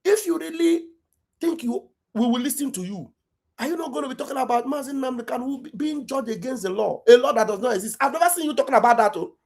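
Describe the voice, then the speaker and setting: A woman's voice: high-pitched, lively intonation, quick pace, darkish tone. A woman with an Igbo Nigerian accent delivering an impassioned, accusatory political rant, raising her voice at times. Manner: fiery, accusatory, raises voice at times. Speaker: online political commentator.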